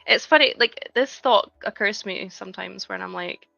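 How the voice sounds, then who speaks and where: A woman in her thirties talks casually to her live-stream chat, her voice bright with a gravelly edge. The audio is dry and slightly dull, with faint music underneath. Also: medium pitch, moderate pace, dry recording. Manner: chatty, reads chat aloud, frequent "like". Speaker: livestreaming LEGO builder.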